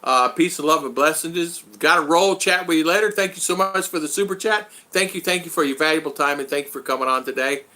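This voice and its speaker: A man's voice: on the high side, quick pace, hardly any pauses, bright, forceful tone. Chatty older man hosting a live stream. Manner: chatty, laughs often, reads viewer comments aloud. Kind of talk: casual live-stream chat. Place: home in the Philippines.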